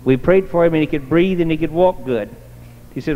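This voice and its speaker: A man preaching with a folksy, homespun testimony, his voice sitting a bit higher than most men's. The sound is dull and lo-fi, with a long reverb from a church hall around him. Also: brisk. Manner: homespun storyteller, colloquial.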